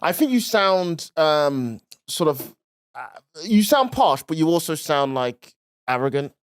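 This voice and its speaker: Lisping Black Country man, lively. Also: on the high side, measured pace, clear, resonant tone. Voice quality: lisp on s and f sounds. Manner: animated, laughing, self-mocking. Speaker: podcast co-host. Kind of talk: casual comedic chat.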